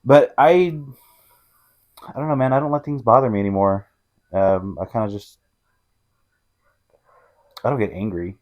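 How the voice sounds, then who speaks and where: Casting note: thirties man with a low voice, easygoing co-host who trails and restarts. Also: normal speed, long pauses, dull audio. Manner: laid-back, repeats himself, laughs easily. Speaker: podcast co-host. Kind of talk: casual chat.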